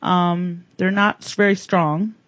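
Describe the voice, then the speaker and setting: A woman running a tabletop game as game master, narrating with hesitant pauses as she searches for words, on a dull lo-fi recording. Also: on the low side, steady tone, dry recording.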